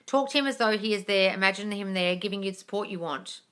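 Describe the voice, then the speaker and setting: A woman hosting a live question-and-answer stream, talking bluntly and with swearing, calling viewers darling and swinging between soft coaxing and excited squeals. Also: medium pitch, quick pace. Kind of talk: casual live chat.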